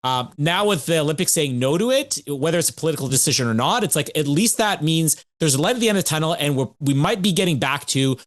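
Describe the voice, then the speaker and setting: A man's voice: fairly high pitch, lively intonation, quick pace, hardly any pauses. A man co-hosting a podcast, thinking aloud in loose, rambling casual talk. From Canada. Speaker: podcast co-host.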